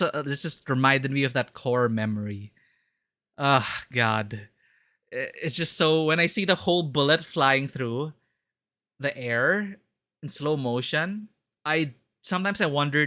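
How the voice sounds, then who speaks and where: A man streaming a horror game, chatting excitedly and laughing often as he plays. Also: mid-range voice, normal speed, dry recording, studio quality. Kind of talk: live gameplay commentary.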